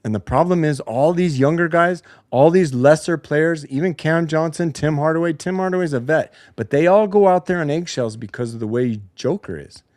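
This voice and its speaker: A man's voice: on the high side, moderate pace, few pauses, a little mellow, no room sound, studio quality. A man hosting a post-game basketball show, ranting in a heated, profane way. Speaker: podcast host. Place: home basement studio.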